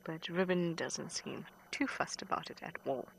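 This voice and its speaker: Female safari guide, low gravelly voice, soft and hushed, faint outdoor noise. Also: moderate pace, poor audio. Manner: hushed and patient, waiting quietly at a den. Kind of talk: live wildlife commentary. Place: outdoors at a hyena den.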